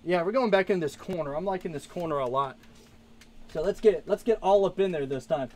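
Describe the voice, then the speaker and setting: Guy with a high-ish voice doing a casual live stream at home, chatty and upbeat, thanking viewers, camera mic a bit away. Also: fairly quick, darkish tone. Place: home room with plush pile.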